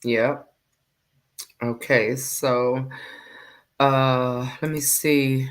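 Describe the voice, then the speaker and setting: A woman hosting her own live stream, talking casually and taking her time. Her words come slowly and loosely, with easy pauses as she greets the people watching. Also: very deep voice, fairly even intonation. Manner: unhurried, chatty, reads out viewer comments. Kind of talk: casual chat.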